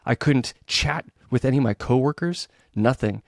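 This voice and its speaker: A middle-aged man co-hosting a podcast in casual chat, telling stories and acting out quoted lines with big jumps in pitch. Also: moderate pace, vocal fry, no echo, studio quality. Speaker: guest co-host, web developer.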